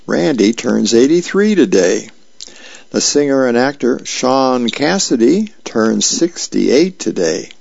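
Gravelly man reading comics aloud. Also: mid-range voice, darkish tone, no echo. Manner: plain, unhurried describing of each frame. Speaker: radio reader. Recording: dry, slightly dull lo-fi sound.

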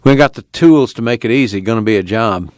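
A man doing a calm practical young man. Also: mid-range voice, fast talker, dry recording, voice pushed up, natural voice. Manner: calm, easy, dry humor. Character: steady young man, practical older brother.

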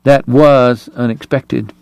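A man's voice: medium pitch, steady tone, slow pace, gravelly, darkish tone, clear, resonant tone, no room sound. A man voicing a frail, consumptive gambler dentist who speaks in a thready, breathless, courtly way. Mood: weary, courtly.

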